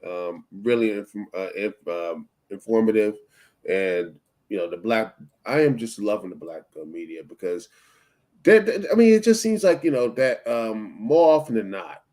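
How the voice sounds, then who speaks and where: A man calling in to a live show, speaking haltingly with many ums and restarts. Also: on the low side, very animated, a little mellow. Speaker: caller. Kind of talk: casual chat.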